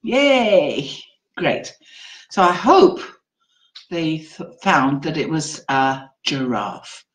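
A woman teacher trainer presenting an online webinar in an animated, encouraging classroom-teacher manner. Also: deep voice, slow, poor audio.

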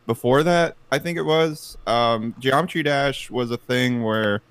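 A man's voice: measured pace, fairly bright tone, smooth, no room sound. Rambling man on a podcast. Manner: rambling, lots of fillers and restarts; puts on silly high cartoon voices. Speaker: podcast co-host telling a story. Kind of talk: casual group podcast chat.

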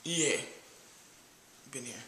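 A man's voice: mid-range voice, animated, drawn-out words, pushed and bright, roomy sound, a little hiss or hum, voice pushed down, full character voice. A man playing a cheap, nervous date who brags about himself and keeps calling himself "your boy", in a comedy skit.

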